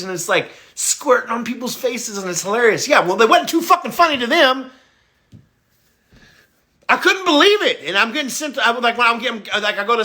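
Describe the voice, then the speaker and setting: A man hosting a livestream, talking bluntly and profanely in a confessional rant that swings into loud, excited, laughing bursts. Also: very high-pitched. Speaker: livestream host.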